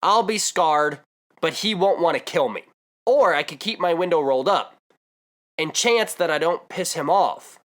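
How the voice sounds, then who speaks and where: A man's voice: fairly high pitch, lively intonation, moderate pace, a bit bright. A young man vlogging, telling a comedic story with exaggerated asides and rambling digressions.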